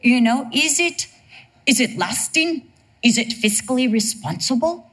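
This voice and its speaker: Animated, humorous woman preacher. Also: high voice, unhurried, breathy edge. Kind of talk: sermon.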